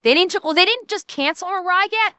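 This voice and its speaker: A woman's voice: extremely high pitch, brisk, pushed and bright, dry recording, lo-fi sound. A woman streamer giving casual reaction commentary, blunt and profane, often restarting her sentences.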